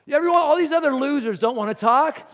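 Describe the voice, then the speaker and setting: A pastor acting out a loud, exasperated teacher. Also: male voice, sits high, sing-song, fast talker, big-room sound. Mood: emphatic. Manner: loud, pleading, emphatic. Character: exasperated male teacher demanding an honest answer.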